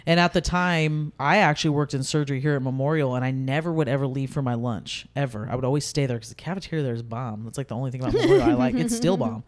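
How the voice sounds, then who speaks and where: A woman's voice: rumbling low, lively intonation, fast talker, hardly any pauses. A woman in her thirties, a podcast guest, telling a personal story candidly in casual conversation, with many fillers. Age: 30s.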